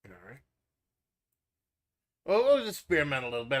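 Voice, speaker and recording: Guy streaming a fighting game, bright punchy voice, swears a lot, kinda rambly. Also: a little high, very animated, a little fast, long pauses, faint music behind. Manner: loose, swears freely, trails off mid-sentence. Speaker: streamer host. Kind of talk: casual gaming stream chat.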